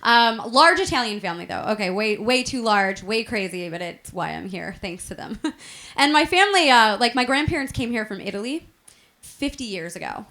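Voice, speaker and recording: A woman's voice: fairly high pitch, a bit bright. A young woman from Chicago doing a chatty stand-up comedy set on stage, laughing at her own jokes. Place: stage at a variety show taping.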